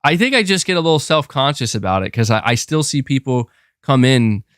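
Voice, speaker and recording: A man's voice: medium pitch, lively intonation, brisk, fairly bright tone, dry recording, studio quality. Chatty streamer man reading chat. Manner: rambling, hesitant, lots of fillers and restarts. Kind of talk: casual livestream chat.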